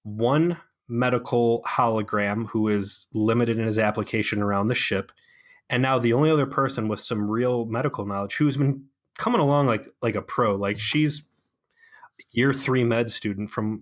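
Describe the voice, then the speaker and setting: Male podcast co-host, mid-pitched, sarcastic and rambling, casual chat. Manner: rambling, sarcastic, lots of fillers.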